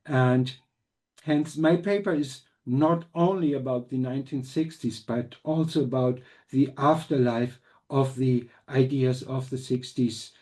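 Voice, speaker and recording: A man giving an academic conference talk, measured and careful, reading quotes aloud with small restarts. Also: medium pitch, steady tone, a little mellow. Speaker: conference lecturer.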